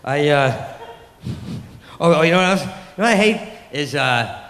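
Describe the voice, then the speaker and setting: A middle-aged man works a comedy club stage, rambling and self-deprecating as he lurches into loud put-on voices. His voice sits a little high for a man. The handheld mic picks up a roomy club with a long reverb tail. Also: animated, a little slow. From New York. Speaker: stand-up comedian. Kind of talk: stand-up comedy set.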